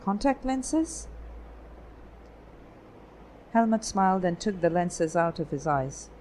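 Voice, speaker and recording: A woman narrating an audiobook in a steady, even reading voice. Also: fairly low pitch, moderate pace, a little hiss or hum, poor audio. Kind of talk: scripted narration.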